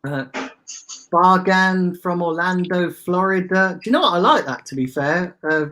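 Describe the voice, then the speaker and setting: A man's voice: high-pitched, moderate pace, sharp tone. A man hosting a casual livestream, chatting with viewers and reading out their comments with easy banter. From England. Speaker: fan channel host.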